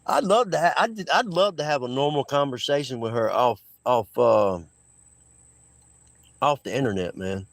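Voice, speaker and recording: A man's voice: mid-range voice, lively intonation, moderate pace, creaky, no room sound. Laid-back, rambling male streamer. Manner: rambling and laid-back, laughs often, restarts sentences. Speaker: livestream host. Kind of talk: casual livestream chat with viewers.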